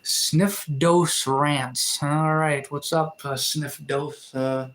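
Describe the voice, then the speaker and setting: A man's voice: a little high, fairly even intonation, a little slow, few pauses. A young Canadian man chatting casually on a live stream, rambling with lots of fillers and restarts while reading out comments. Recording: roomy echo.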